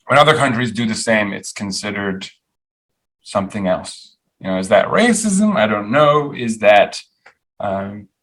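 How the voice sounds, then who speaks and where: A man's voice: medium pitch, a bit bright, rough recording. A man hosting a podcast, giving opinionated, sardonic commentary on the week's news in a loose, rambling way full of fillers and restarts. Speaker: podcast host.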